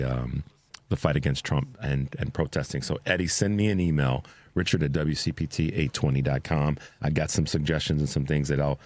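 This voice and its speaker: A man hosting a talk radio show, speaking casually with many fillers and restarts, his pitch jumping up when he gets excited. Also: dry recording.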